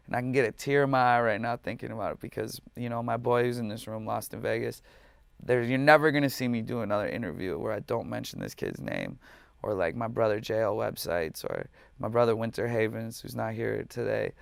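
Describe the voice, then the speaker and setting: A man's voice: lowish voice, a little fast, gravelly, no echo, clean studio sound. A man speaking as a musician guest in an interview, candid, emotional and passionate, swearing freely.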